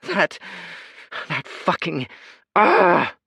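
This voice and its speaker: A man voicing a fiery young woman adventurer in an audiobook, snapping and loud. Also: mid-range voice, lively intonation, measured pace, husky, no room sound, full character voice. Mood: furious.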